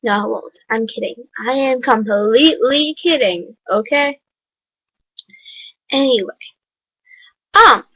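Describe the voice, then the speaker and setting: A woman's voice: fairly high pitch, slow pace, pauses often, bright, forceful tone, husky, dry recording, muffled recording. A woman vlogger talking to camera in an emphatic, lecturing, chatty way. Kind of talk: casual vlog monologue.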